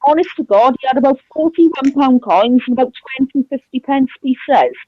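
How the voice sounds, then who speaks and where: High-voiced woman telling a story. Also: expressive, moderate pace, no room sound, muffled recording. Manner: chatty storyteller, swears, tags "right?". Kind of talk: casual chat, anecdote.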